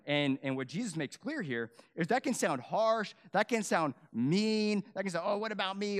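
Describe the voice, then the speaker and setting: With lively intonation, normal speed and few pauses, a young adult man preaches as a pastor. He moves from loud, emphatic peaks down to quiet, low, earnest moments and makes casual asides to the congregation.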